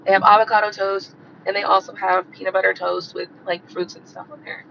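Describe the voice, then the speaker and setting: Hoarse, gravelly woman in a profane rant. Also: medium pitch, level tone, brisk, lo-fi sound, slight background noise. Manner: blunt, profane, repeats herself for emphasis. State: hoarse and coughing from a cold. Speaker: tarot reader hosting a livestream. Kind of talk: profane rant on a live stream.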